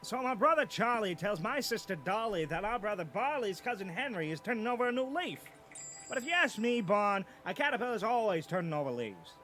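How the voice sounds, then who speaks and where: A man's voice: high-pitched, sing-song, fairly quick, sharp tone, faint music behind, full character voice. A transatlantic caterpillar salesman. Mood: wry. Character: chatty caterpillar shopkeeper with an old-timey voice.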